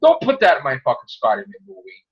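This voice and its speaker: A man's voice: a little high, wildly swooping pitch, quick pace, muffled recording. A man hosting a podcast, ranting angrily about a movie with lots of profanity and heated, mocking delivery. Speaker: podcast host. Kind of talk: angry movie rant.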